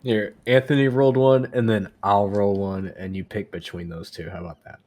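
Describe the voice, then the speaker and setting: A man's voice: fairly low pitch, steady tone, moderate pace, a little mellow. Easygoing male game master. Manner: laughs often, easygoing. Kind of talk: tabletop game narration and banter.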